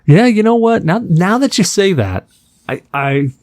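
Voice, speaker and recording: A man hosting a casual podcast chat, telling jokey stories in an animated way. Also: high-pitched, unhurried, dry recording. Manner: animated, joking storyteller. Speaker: podcast host.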